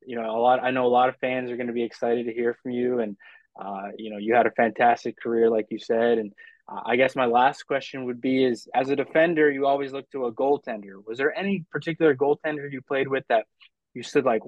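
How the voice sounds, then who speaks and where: A man hosting a casual podcast interview, speaking haltingly with many restarts. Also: medium pitch, no echo. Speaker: podcast host. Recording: dull dry lo-fi recording.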